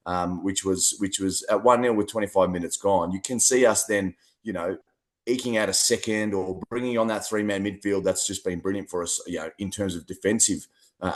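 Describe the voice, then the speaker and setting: An Australian man co-hosting a podcast, chatting in a lively, rambling way and often repeating words. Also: low-pitched. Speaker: co-host. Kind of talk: casual podcast chat.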